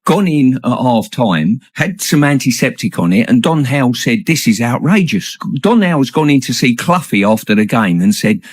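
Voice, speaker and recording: A man with an English accent telling a football anecdote in a steady, dry way, chuckling at the punchline. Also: medium pitch, normal speed, hardly any pauses, no room sound. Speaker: former footballer telling stories. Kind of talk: casual anecdote.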